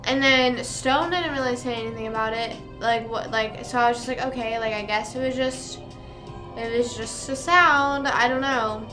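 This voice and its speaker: A woman's voice: fairly high pitch, normal speed, over music. A young woman streamer casually telling a story, rambling with lots of fillers and casual swearing.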